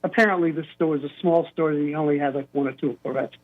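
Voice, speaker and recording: An older man telling an animated story as a caller to a radio show, acting out the quotes. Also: on the high side, fast. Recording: tinny phone line.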